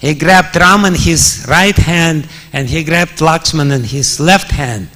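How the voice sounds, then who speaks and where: A man's voice: fairly high pitch, slow pace, sharp tone. A man preaching a scripture story in a temple hall, chuckling often and using many fillers. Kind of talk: storytelling sermon.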